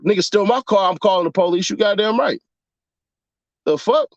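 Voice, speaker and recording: A man's voice: high voice, normal speed, no room sound, dull audio. A man in a casual, profane commentary rant, mocking his audience with rhetorical questions. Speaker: commentary vlogger.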